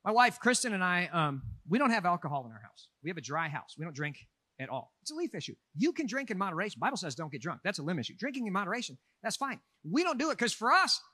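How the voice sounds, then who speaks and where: A man preaching a sermon as pastor, in an animated, conversational way with humorous asides. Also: high voice, fast talker, dry recording.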